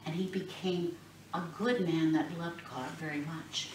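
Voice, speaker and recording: A woman's voice: low-pitched, steady tone, a little slow, slight background noise. A woman telling a Bible story to children, acting out the voices and asking the children questions. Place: classroom or church room. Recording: echoey room, recorded from a distance.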